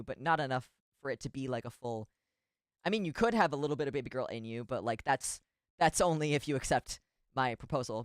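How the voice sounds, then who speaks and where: A man's voice: on the high side, animated, moderate pace, fairly bright tone, smooth, no echo, clean studio sound. A man streaming as a VTuber in casual chat, rambling and giggly with self-deprecating asides.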